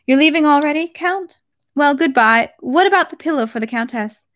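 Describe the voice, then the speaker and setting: A woman's voice: high voice, expressive, moderate pace, fairly bright tone, dry recording, studio quality, pitched above the performer's own voice. A woman reading aloud the lines of a tender, heartfelt young princess in a novel, with an emotional, slightly quavering delivery. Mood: surprised.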